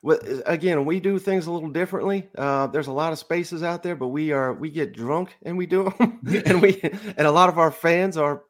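A man's voice: fairly high pitch, normal speed, hardly any pauses. A man appearing as a guest on a sports podcast, upbeat and laughing often as he talks up his own show. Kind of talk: casual interview.

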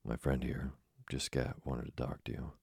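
A man's voice: a bass voice, completely flat delivery, moderate pace, vocal fry, darkish tone, slightly rough, no echo, clean studio sound, exaggerated voice. A man reading the part of a shy, easily embarrassed young girl in a sleep story, in a bashful way.

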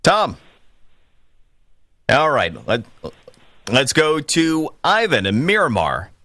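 A man hosting a political call-in radio show, opinionated and emphatic, building to forceful peaks. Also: mid-range voice, huge pitch swings, slow, no room sound. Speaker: radio talk show host.

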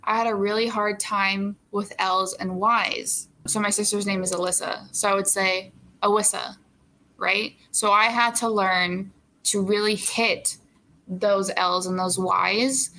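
A young actress chatting in an interview, animated and full of fillers and laughs. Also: female voice, medium pitch, measured pace, a little hiss or hum, poor audio. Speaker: actress guest. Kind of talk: casual interview chat.

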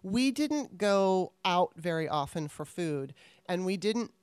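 Animated woman telling a story. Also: lowish voice, slow pace, clean tone, no room sound. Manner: animated storyteller, laughs often. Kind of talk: casual chat.

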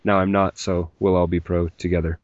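A man's voice: deep voice, level tone, brisk, no room sound. A man hosting a podcast, rambling from one joke to the next while he reads out listener messages. He mentions a mild migraine. The recording is dry and close, with a dull, lo-fi sound. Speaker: podcast host. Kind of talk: casual podcast chat.

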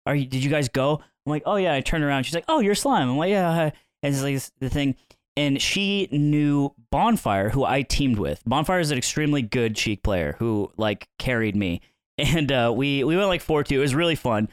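Man, podcast co-host, lively anecdote teller, mid-pitched voice, dry close sound. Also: normal speed, smooth, no room sound. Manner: animated, acts out quoted people with sudden pitch jumps. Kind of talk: casual storytelling chat.

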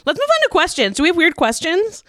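A woman in her thirties co-hosting a podcast in casual chat, bubbly and quick to laugh. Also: very high voice. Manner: bubbly, animated, laughs often. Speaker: podcast co-host.

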